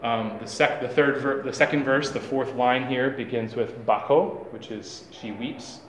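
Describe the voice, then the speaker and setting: A man giving a classroom lecture, halting, with many fillers and restarts. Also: mid-range voice, fairly even intonation, fairly bright tone, echoey room.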